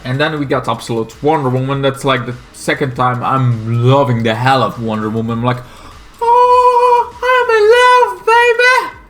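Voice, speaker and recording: Man, Flemish Dutch accent, non-native English, casual rambling commentary, profane, excitable, lots of fillers. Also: medium pitch, a little fast, few pauses, music in the background. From Belgium. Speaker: comics commentator.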